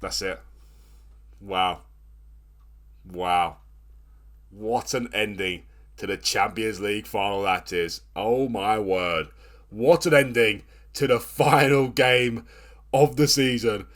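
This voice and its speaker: A man in his thirties commentating his own football management game, swinging between nervous groans and excited shouts. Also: on the low side, takes it slowly, long pauses. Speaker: gaming channel host. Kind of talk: let's play commentary.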